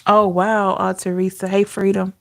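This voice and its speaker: A woman's voice: mid-range voice, level tone, moderate pace, gravelly. A woman giving an intuitive tarot reading, emotional and talking straight to her viewers. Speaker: tarot reader.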